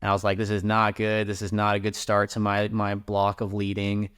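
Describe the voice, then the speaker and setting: A man's voice: fairly low pitch, monotone, a little fast, a bit bright, clear, resonant tone. A man guesting on a podcast, telling a climbing story in a rambling, casual way with lots of fillers and restarts.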